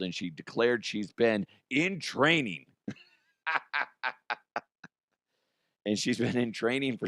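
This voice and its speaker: A man hosting a casual comedic news show, his voice hoarse and strained, joking crudely and laughing often. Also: lowish voice, a bit bright, no room sound, clean studio sound. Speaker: podcast host.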